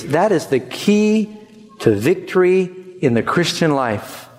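A man preaching to his congregation in an emphatic, rhythmic way, with a voice pitched a bit high for a man. His words ring out with a long reverb tail in a large church hall. He often calls on the listeners to say a verse back with him. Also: big pitch swings, a little slow. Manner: emphatic, asks the congregation to repeat. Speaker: pastor. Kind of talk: sermon.

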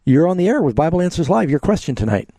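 A man's voice: a little high, sing-song, quick pace, dark tone, dry recording. Man hosting a call-in Bible show. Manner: pastoral, asks leading questions. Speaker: radio Bible show host. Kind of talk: call-in radio Q&A.

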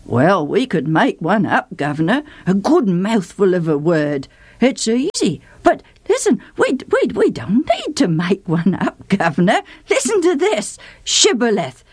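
A woman voicing an excitable male adviser who chatters eagerly and giggles about how people speak. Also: mid-range voice, unhurried, husky, no echo, studio quality, exaggerated voice.

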